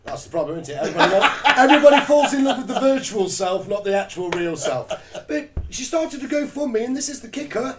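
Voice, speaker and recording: High-voiced swearing man. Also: fast talker, a loud crowd. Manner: animated, mocking, swears a lot. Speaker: co-host. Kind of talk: crude comedic chat.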